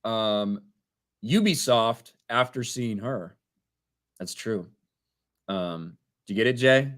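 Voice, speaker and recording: A man's voice: on the low side, animated, takes it slowly. A man in his thirties co-hosting a casual livestream, reading out viewer donations and laughing along. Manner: reads names and messages, laughs often.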